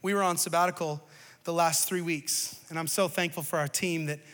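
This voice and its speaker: A male pastor in his thirties preaching a sermon, moving from storytelling to loud, rising exhortation. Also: fairly high pitch, fairly even intonation, brisk. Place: church stage.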